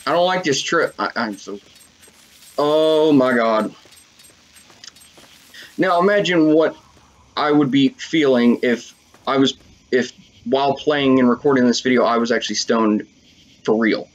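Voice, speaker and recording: A man giving casual commentary over a video game, excitable and swearing often as he talks to his viewers. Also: medium pitch, a little slow, pauses often. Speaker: let's play gamer.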